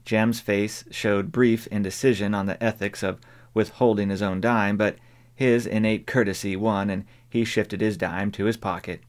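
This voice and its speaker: Man, audiobook narrator, measured even reading, low voice. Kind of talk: scripted narration.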